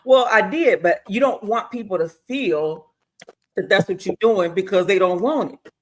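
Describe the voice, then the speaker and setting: A woman's voice: medium pitch, normal speed, poor audio. A woman hosting a streamed interview show, reading out viewer comments and telling stories with playful mimicry. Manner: animated storyteller, playful mimicry. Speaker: host.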